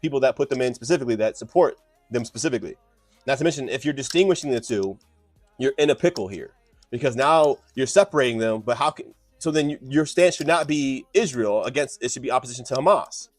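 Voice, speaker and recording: Fast-talking combative man streamer. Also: mid-range voice, animated, no room sound, faint music behind. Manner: combative, lecturing, swings between loud outbursts and muttering asides. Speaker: streamer debating chat. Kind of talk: heated live-stream debate.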